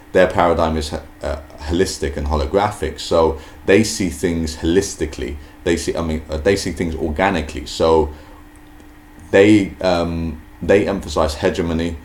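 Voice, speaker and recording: Man, extremely low voice, unscripted talk, lots of ums and restarts, faint hiss behind. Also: darkish tone. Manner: hesitant, many fillers and restarts. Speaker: video host. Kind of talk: casual spoken commentary.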